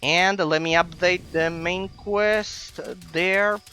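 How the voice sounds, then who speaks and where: A man's voice: high-pitched, steady tone, takes it slowly, sharp tone, low-quality recording. A man, from Italy, giving analytical let's-play commentary as a gaming streamer, musing aloud with plenty of fillers.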